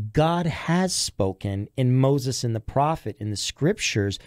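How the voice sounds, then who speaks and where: Male radio preacher, earnest and direct, warm mellow tone, dry studio mic. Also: medium pitch, dry recording. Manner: earnest, quotes scripture, builds in quick bursts.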